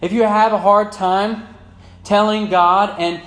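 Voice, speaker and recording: A man in his thirties preaching a sermon as pastor, moving between loud fervent emphasis and soft reflective passages. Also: high voice, steady tone, takes it slowly. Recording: echoey church room with faint hum.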